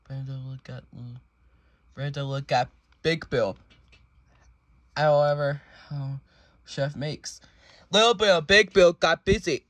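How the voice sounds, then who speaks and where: Halting, slow storybook reader. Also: mid-range voice, a bit bright, dry recording. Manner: halting reading with restarts and repeated words. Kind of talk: read-along of a picture book.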